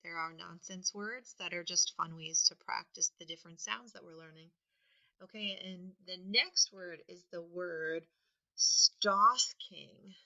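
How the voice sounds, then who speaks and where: Woman teacher, slow patient spelling lesson, gravelly edge, dull lo-fi recording. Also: on the low side. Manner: patient, sounds words out and stresses them loudly.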